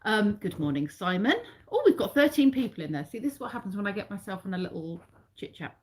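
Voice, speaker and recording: A woman's voice: mid-range voice, very animated, fast talker. A middle-aged Englishwoman chatting with her live viewers. She rambles, loops back and corrects herself, and her tone stays friendly and informal. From England. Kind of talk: casual live-stream chat.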